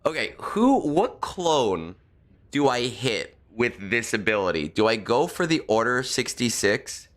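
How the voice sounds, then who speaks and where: This man streams a video game in a mid-range, slightly bright voice with a sing-song lilt and measured pace. He chats casually with viewers, muttering to himself and correcting himself as he figures out his moves.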